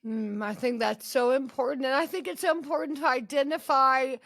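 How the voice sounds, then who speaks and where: Woman podcast host; high voice, gushing and enthusiastic, dry close recording. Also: fairly even intonation, fairly quick, a bit bright, dry recording, rough recording. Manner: effusive and enthusiastic, gushing praise. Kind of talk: podcast interview.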